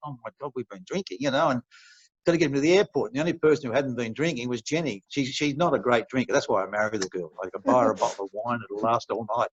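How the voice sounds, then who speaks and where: A man's voice: mid-range voice, dry recording. Retired Australian referee in his later years, chatty and anecdotal, dull recording with no room sound. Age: older. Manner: rambling, chuckling, many restarts. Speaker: retired referee, interview guest. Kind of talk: relaxed storytelling in an interview.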